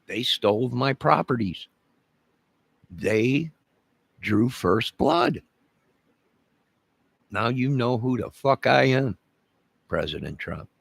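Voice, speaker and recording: Man from chicago, gravelly voice, dry sound, menacing rambling rant, repeats himself, slow heavy emphasis. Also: mid-range voice, fairly bright tone, no room sound. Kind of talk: rambling direct-to-camera rant.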